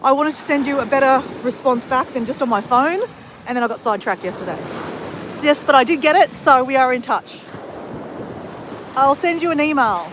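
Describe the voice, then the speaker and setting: A woman chats casually on a live stream, rambling from one thought to the next and answering her viewers as she goes. Her voice sits a little high. She is outdoors on a beach, and wind buffets the phone mic throughout. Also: animated, normal speed. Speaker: vlogger.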